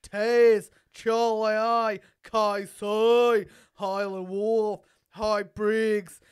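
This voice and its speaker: A woman's voice: medium pitch, flat delivery, extremely slow, clear, resonant tone. A woman putting on a chirpy Australian accent to play a bouncy announcer reading out names. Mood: cheery. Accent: put-on Australian. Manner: bright, bouncy and loud.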